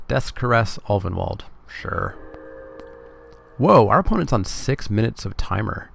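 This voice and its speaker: A man's voice: on the low side, expressive, slow, vocal fry, long pauses, fairly bright tone, husky. A Canadian man giving casual, wry live commentary as he plays a card game and jokes with his chat. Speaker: streamer.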